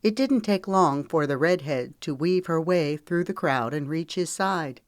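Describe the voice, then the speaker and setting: With a deep voice, a woman narrates an audiobook at a calm, even, measured pace. The recording is studio quality and echo-free.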